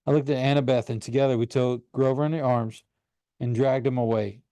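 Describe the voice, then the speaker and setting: Mellow-voiced man reading a story aloud. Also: mid-range voice, steady tone, fairly quick, dry recording. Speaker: audiobook reader. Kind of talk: first-person audiobook narration.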